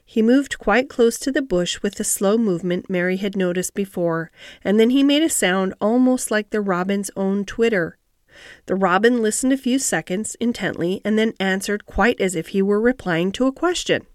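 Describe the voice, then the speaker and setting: A woman narrating an audiobook of a classic story in a calm, measured reading style. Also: medium pitch, no room sound, studio quality.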